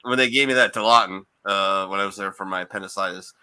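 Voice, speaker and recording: A man's voice: low voice, fast talker, sharp tone, clear, resonant tone. A man hosting a podcast, telling stories in a loose, casual way with plenty of swearing. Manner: loose, profane storytelling. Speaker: podcast host. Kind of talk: casual chat.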